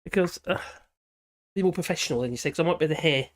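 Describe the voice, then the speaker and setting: A hoarse man hosting a live stream, chatting in a rambling, cheeky way and giggling often. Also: a little high, fast. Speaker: livestream host. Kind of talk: casual live-stream chat. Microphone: headphones with a small speaker.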